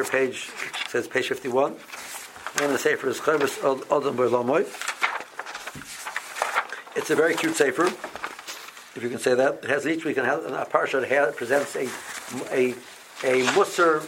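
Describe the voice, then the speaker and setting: A man leading an informal Torah class, often restarting phrases and growing lively as he explains. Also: mid-range voice, noisy background.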